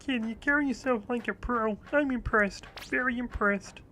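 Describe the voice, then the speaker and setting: A man's voice: very high-pitched, normal speed, bright, forceful tone, slight background noise, voice pushed up. A man voicing an encouraging male parkour coach in a video game, with a put-on accent and a slightly froggy, goofy tone. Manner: cheery coaching lines ending in "kid". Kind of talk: reading game dialogue aloud with a character voice.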